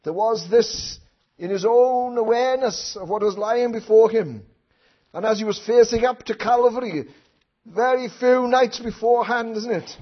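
A man preaching a sermon who swings from hushed asides to loud impassioned outcries, with many rhetorical questions to his listeners. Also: extremely high pitch, normal speed. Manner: tag questions and rhetorical questions to the congregation. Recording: dull lo-fi recording.

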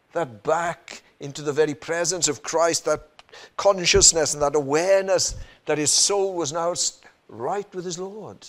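A man preaching a sermon in an earnest manner, often asking the listeners rhetorical questions. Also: on the high side. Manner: earnest, rhetorical questions, frequent "you know" and "isn't it".

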